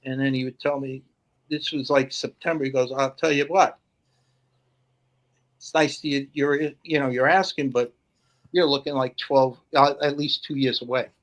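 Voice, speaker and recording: A man's voice: medium pitch, fairly even intonation, normal speed. A man telling a firehouse story in casual podcast chat, acting out the voices of the people he quotes. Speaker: podcast guest, firefighter.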